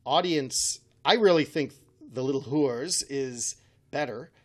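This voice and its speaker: A man's voice: medium pitch, a little slow. A man hosting a casual chat, rambling and correcting himself with a wry tone. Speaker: podcast host.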